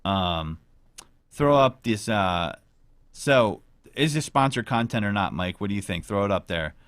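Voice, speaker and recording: A man's voice: on the low side, animated, a little slow, a bit bright, dry recording. A man hosting a casual podcast chat, rambling and joking with crude language. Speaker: podcast host.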